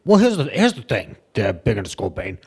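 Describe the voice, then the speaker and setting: Rambling, stammering comic podcast host. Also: male voice, mid-range voice, wildly swooping pitch, a little fast, a little mellow, breathy edge. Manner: rambling, stammering, repeats words. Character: boastful bumbling male wrestler host. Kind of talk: comedic in-character podcast chat.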